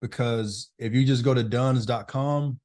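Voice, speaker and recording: A man's voice: mid-range voice, steady tone, a little slow, a little mellow. A man hosting a casual live online business masterclass, chatting loosely with participants by name over a video call.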